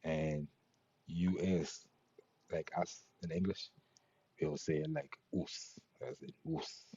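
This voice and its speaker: Deep husky guy slowly going over latin letter sounds, dry dull lo-fi audio. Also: fairly even intonation, warm tone, no echo. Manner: slow, patient, spells out sounds. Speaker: Latin teacher. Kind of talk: pronunciation lesson. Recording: dull lo-fi recording.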